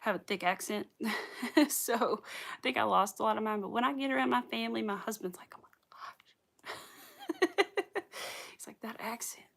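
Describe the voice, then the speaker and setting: This crochet livestream host is a young woman from the Southern US with a light Southern accent. Her voice is a little high, brisk, gravelly, and fairly bright, and she chats casually with live viewers, rambling and laughing often.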